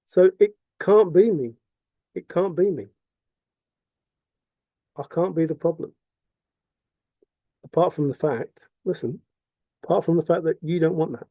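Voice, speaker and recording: A man's voice: on the high side, measured pace, long pauses, dark tone, no room sound. A man delivering an impassioned, repetitive monologue full of rhetorical questions. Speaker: vlogger.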